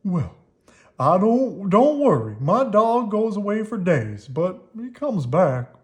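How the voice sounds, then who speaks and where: A storyteller voicing an older neighbor man in a children's storybook, speaking slowly and drawing out his words. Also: mid-range voice, big pitch swings, pitched above the performer's own voice. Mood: evasive. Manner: slow, drawn-out. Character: elderly neighbor man, slow and evasive.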